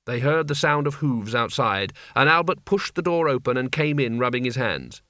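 Brief: man, mid-pitched voice, steady novel narration, dry booth. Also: moderate pace, no echo. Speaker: audiobook narrator. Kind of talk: scripted narration.

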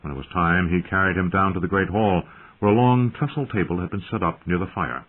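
A man narrates a story in a steady, dramatic way. His voice is very low and husky. The recording sounds thin, like a phone line. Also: fairly quick. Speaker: audiobook narrator. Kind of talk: scripted narration.

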